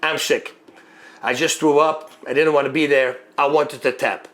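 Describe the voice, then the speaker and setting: A former fighter telling a long story in a lively way, acting out moves and sounds as he goes. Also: a little high, normal speed. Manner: animated, acts out moves and sounds. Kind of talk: storytelling monologue.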